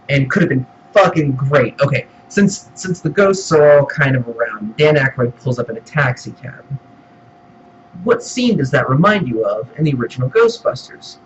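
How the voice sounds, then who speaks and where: A man in a middle pitch rants through a profane film review, exasperated and quick to mock. The recording is dull and lo-fi with a faint hum behind him. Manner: exasperated, swears often, mock quotes. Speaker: movie reviewer.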